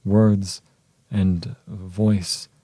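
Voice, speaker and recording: A man voicing a grief-stricken husband in an audiobook, pleading and halting, in a low, dark voice. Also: little pitch movement, dry recording, heavily acted.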